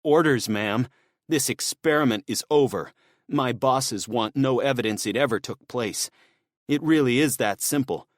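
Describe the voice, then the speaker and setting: A man's voice: mid-range voice, unhurried, no echo, clean studio sound, voice pushed up, close to an everyday voice. A man voicing a younger male hired killer, cold and matter-of-fact.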